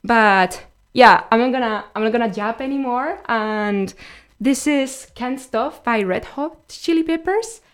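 A woman's voice: a little high, unhurried, smooth. A young woman hosting a radio show, chatting casually and sharing facts between songs. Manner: chatty, explaining facts informally.

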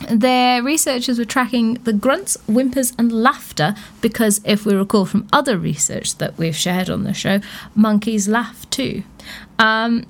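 Chatty amused British woman radio host. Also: fairly high pitch. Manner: chatty, amused, many fillers and restarts. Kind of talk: casual science news chat on radio.

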